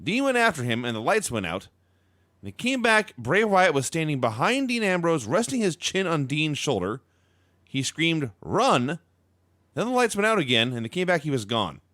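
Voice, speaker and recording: A man hosting a wrestling podcast, briskly recapping events with dry jokes. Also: on the high side, very animated, a bit bright, no echo. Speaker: podcast host recapping matches. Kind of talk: read-out recap with chat.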